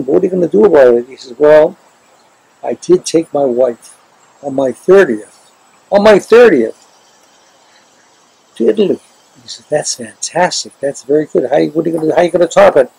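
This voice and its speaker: Gravelly older man cracking jokes. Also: fairly high pitch, rough recording. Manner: brash punchlines, shouted tags. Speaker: comedian. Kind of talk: stand-up joke telling.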